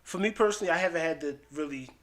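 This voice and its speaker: A man, a guest on a casual chat, talking in a relaxed way with hesitant fillers. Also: fairly high pitch, very fast.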